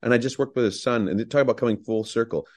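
A man's voice: medium pitch, quick pace, a little mellow. A middle-aged male actor, a guest, telling enthusiastic, rambling anecdotes full of fillers. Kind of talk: anecdotal storytelling.

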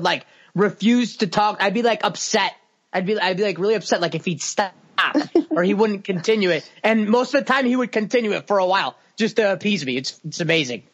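A man co-hosting a podcast, teasing and animated in casual chat. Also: high-pitched, highs cut off. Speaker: podcast host.

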